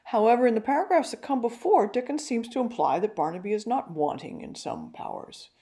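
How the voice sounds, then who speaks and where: An older woman giving a carefully read, measured talk on a novel. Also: fairly high pitch, sing-song, warm tone. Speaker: literary talk presenter.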